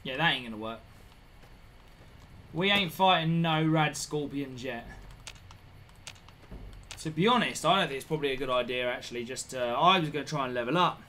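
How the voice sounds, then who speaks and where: A man's voice: mid-range voice, normal speed, long pauses, bright, forceful tone. A man chatting casually with viewers while live-streaming a video game, rambling and repeating himself. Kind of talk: live-stream gameplay chat.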